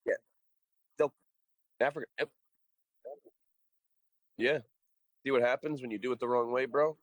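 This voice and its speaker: A man guesting on a podcast, talking in an excitable, sweary way and calling everyone dude and bro. His voice sits at a middle pitch, and the sound is dry. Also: unhurried, no echo, dull audio. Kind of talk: casual chat.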